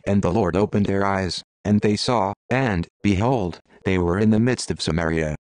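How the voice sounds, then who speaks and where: A man giving a measured, solemn reading of King James scripture. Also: sits low, darkish tone, dry recording. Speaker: Bible reader.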